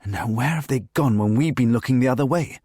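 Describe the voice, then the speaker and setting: A man's voice: medium pitch, fast talker, mellow, slightly rough, dry recording, studio quality, lightly acted. A man doing a curt frustrated female officer. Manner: curt, exasperated. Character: frustrated female senior officer, sharp-tongued.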